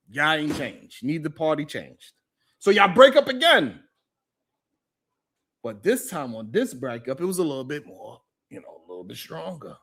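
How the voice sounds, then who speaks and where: A man hosting a live talk show, ranting in animated, profane commentary and repeating himself for emphasis. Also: fairly high pitch. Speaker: host.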